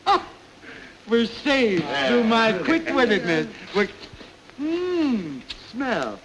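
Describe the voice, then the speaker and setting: A man playing a fussy, flustered comic officer in a 1929 film sketch, talking melodramatically and swinging from loud to hushed. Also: very high-pitched, sing-song, drawn-out words, crowd noise, heavily acted. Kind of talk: 1920s film comedy acting. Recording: crackly 1929 film soundtrack hiss.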